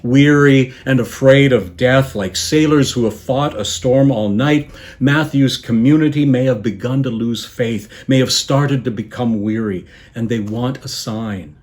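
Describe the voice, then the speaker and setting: Man, bishop, sermon, measured and reflective, soft trailing phrases, mid-pitched voice. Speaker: bishop preaching.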